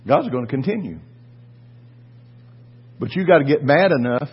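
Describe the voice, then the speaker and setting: Male pastor, fiery sermon, lively husky voice, muffled lo-fi recording. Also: mid-range voice, moderate pace. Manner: fervent, swings from quiet to shouting.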